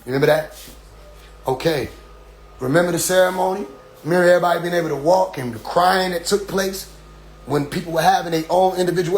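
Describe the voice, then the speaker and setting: A middle-aged man giving a casual, preachy spoken address to his followers, often asking "you see?" and dropping into quiet asides. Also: high-pitched, slight background noise. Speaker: community leader addressing followers.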